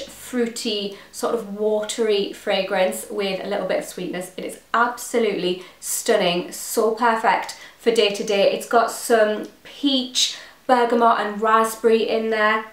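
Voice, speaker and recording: A woman's voice: on the high side, echoey room. An English woman vlogger reviewing fragrances to camera, gushing and enthusiastic as she lists scent notes one by one. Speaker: beauty vlogger.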